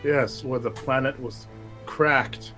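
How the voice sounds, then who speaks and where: A man's voice: mid-range voice, steady tone, slow pace, pushed and bright, faint music behind. A man player at a tabletop game, teasing and chatty. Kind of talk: casual chat at game table.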